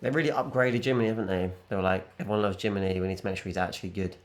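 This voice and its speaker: A man's voice: sits low, fairly even intonation, very fast, faint music behind. A man co-hosting a movie reaction video in casual chat, laid-back and chiming in with short remarks.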